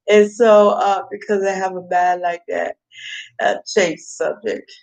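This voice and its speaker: Slow-talking woman rambling on camera. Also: medium pitch, level tone, creaky, a little mellow. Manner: meandering, repeats herself, breaks into laughter. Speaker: mukbang vlogger. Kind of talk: rambling casual monologue.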